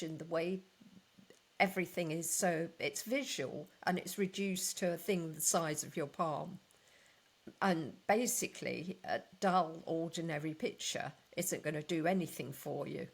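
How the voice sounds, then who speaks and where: Husky low-voiced woman co-host. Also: a little slow. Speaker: podcast co-host. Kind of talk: casual industry chat.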